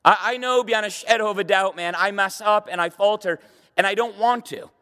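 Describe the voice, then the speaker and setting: Preaching a sermon in a church hall before a live audience, this middle-aged male pastor speaks in a high, brisk, pushed voice that is bright and smooth. He is emphatic, doubles up words, and throws rhetorical questions at his listeners while a long reverb tail trails his voice.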